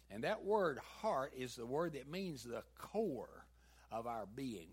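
Folksy southern pastor preaching. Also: male voice, mid-range voice, very animated, takes it slowly, husky. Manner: folksy storytelling, building to emphatic peaks. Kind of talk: sermon.

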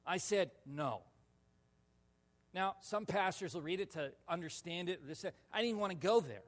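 A male pastor telling a personal story in a sermon, animated and laughing, with sudden loud shouts. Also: high voice, brisk. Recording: long reverb of a large hall.

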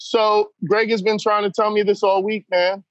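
Guy with a high voice talking straight and fired up, dry dull lo-fi sound. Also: level tone, moderate pace, no room sound. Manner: emphatic, blunt, keeps saying "man". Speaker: podcast guest. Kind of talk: candid conversation.

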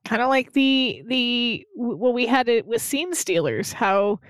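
A woman's voice: on the high side, expressive, measured pace, dry recording. A woman co-hosting a podcast in casual chat, blunt and opinionated, often laughing. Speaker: podcast co-host.

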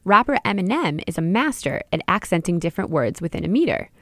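A woman presents a scripted music lesson. Her pitch moves up and down freely as she explains each idea and turns to the listener with questions. The recording is close and dry, with no room sound. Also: very animated, quick pace, no echo. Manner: clear, explanatory, addressing the listener directly. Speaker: podcast host and music teacher. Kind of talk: scripted educational narration.

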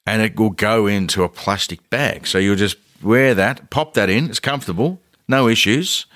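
A man with an Australian accent, co-hosting a podcast and telling stories in a loose, rambling way, with lively impressions of the people he quotes. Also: fairly low pitch, normal speed, dry recording, studio quality. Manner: rambling, animated quoting of others. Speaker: podcast co-host. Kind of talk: casual comedic storytelling.

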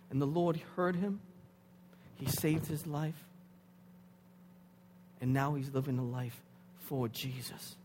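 A man in his thirties preaching a sermon, dropping to hushed tones and rising to loud, pleading intensity. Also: medium pitch, fairly even intonation, a little slow, long pauses. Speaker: pastor. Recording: hall reverb with faint hum.

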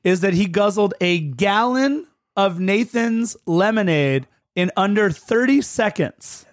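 A man's voice: high voice, expressive, slow pace, dry recording, studio quality. A man co-hosting a sports podcast in casual banter, teasing his co-host and laughing often.

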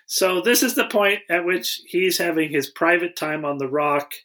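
Bright-voiced man recapping a movie. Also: high-pitched, normal speed. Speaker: podcast co-host. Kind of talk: casual chat recapping a movie.

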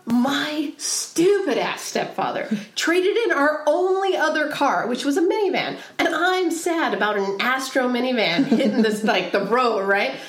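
A woman's voice: high voice, a little slow, few pauses. A young woman co-hosting a podcast, telling a rowdy story in casual chat with plenty of swearing. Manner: profane, animated storyteller. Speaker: podcast co-host. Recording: echoey room.

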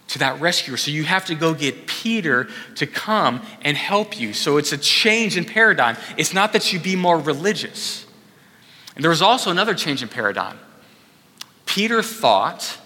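A man's voice: a little high, bright, forceful tone. A pastor delivering a conversational sermon, acting out quotes as he goes. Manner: conversational preaching with acted quotes. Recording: echoey hall.

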